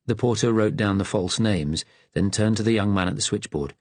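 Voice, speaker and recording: A man reading an audiobook in steady, measured scripted narration. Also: lowish voice, no room sound.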